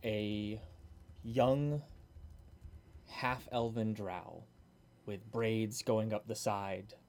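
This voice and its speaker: Brief: man, low voice, measured scene narration for a tabletop game. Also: steady tone, darkish tone.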